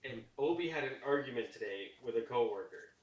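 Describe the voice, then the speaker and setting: A man's voice: mid-range voice, expressive, brisk. A young man, co-hosting a podcast in casual chat, teasing his friends and arguing his point. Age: young adult. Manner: teasing, mock-apologetic, argumentative. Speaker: podcast co-host. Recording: roomy, distant, dull lo-fi mic.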